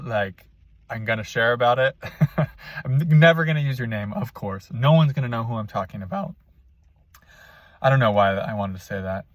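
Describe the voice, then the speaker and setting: A man's voice: mid-range voice, a bit bright, no echo. Candid rambling man, dry close sound. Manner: rambling, candid, self-conscious, with frequent fillers and restarts. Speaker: spiritual coach. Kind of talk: casual spiritual vlog monologue. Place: inside a parked car.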